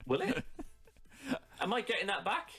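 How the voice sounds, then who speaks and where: A man's voice: high voice, huge pitch swings, normal speed, a bit bright, soft background music. A man co-hosting a podcast, ranting in casual chat and mimicking voices as he mocks things. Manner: sweary, ranting, mock-quoting in put-on voices. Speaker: podcast co-host.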